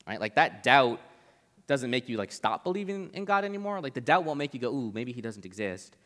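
A man's voice: on the high side, expressive, brisk, fairly bright tone. A young man giving a casual Bible talk as a preacher, chatty and conversational, with lots of "like" in his speech. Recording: long reverb of a large hall.

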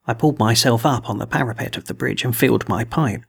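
Male audiobook narrator with a measured, gravelly, husky read. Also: medium pitch. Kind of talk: scripted narration of a novel.

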